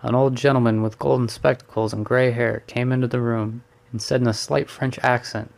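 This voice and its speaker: A man narrating a classic story in a measured, even reading. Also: mid-range voice, vocal fry.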